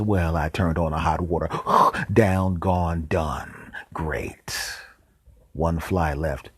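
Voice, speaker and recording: A man with a deep, husky voice spins an absurd comic tale in a straight-faced monologue. He slips into hushed asides now and then, and the sound is close and dry. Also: no room sound. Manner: deadpan tall tales with whispered asides. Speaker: podcast host.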